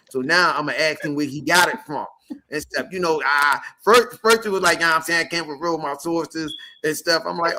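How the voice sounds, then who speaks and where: The podcast host here has a slightly high voice and talks at normal speed. He animatedly recounts a story in casual conversation, cursing a lot and acting out people's quotes.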